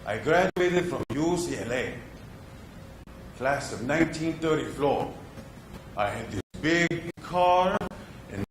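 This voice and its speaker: A man playing an earnest young actor, echoey. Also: medium pitch. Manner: confiding, swings from earnest to exasperated. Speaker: stage actor performing a monologue. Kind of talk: theatrical monologue. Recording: echoey room with background noise.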